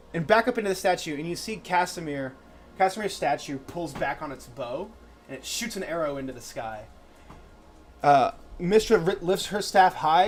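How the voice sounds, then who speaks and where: A man narrating a tabletop game as game master, lively and full of restarts. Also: on the high side. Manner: animated, restarts often.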